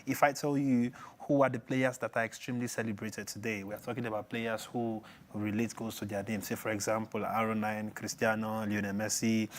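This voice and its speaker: A man's voice: mid-range voice, a little hiss or hum. A man co-hosting a football talk show, joking and teasing, then giving his opinions in casual chat. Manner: playful, teasing, laughs often. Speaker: co-host.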